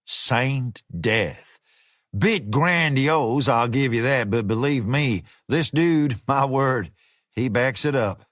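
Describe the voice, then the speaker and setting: A man voicing a smooth, menacing male American fixer who talks with easygoing slang. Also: mid-range voice, slow, a bit bright, dry recording, studio quality. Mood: drawling menace.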